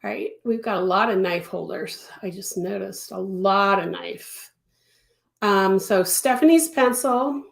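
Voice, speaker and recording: A chatty woman giving a live crochet lesson from her home studio, answering viewers and stacking words for emphasis. Her voice sits mid-range and carries a clear echo of the room around her. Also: medium pitch, unhurried. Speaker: crochet teacher. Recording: echoey room.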